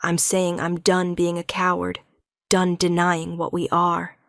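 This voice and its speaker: A woman's voice: on the low side, monotone, a little slow, vocal fry, clear, resonant tone, no echo, studio quality. A woman voicing a remorseful young male werewolf king who pleads earnestly with his wife. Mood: pleading.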